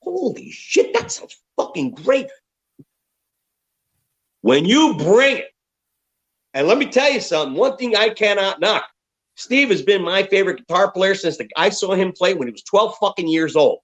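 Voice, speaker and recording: A man's voice: sits high, moderate pace, low-quality recording. A man in his fifties, a rock musician telling candid, profane stories as an interview guest. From United States. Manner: profane, animated storyteller.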